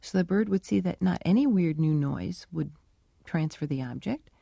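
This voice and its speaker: A middle-aged woman researcher answering interview questions and telling her work stories with lively, acted-out dialogue. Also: on the low side, normal speed, vocal fry, husky, no room sound, studio quality. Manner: animated storytelling, acts out dialogue. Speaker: animal cognition researcher.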